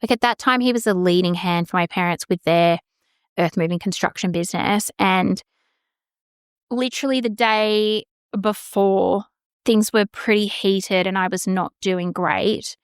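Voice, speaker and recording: A woman's voice: medium pitch, measured pace, clean tone, no echo, clean studio sound. Frank woman telling her story. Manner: frank, swears freely, acts out quoted exchanges. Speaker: podcast host. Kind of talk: candid personal storytelling.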